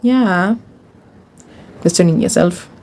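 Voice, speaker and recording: A woman's voice: on the low side, slow pace, a little mellow. A young woman giving chatty advice to her viewers, repeating words for emphasis and calling them honey. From Kenya. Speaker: YouTuber. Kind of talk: casual advice monologue.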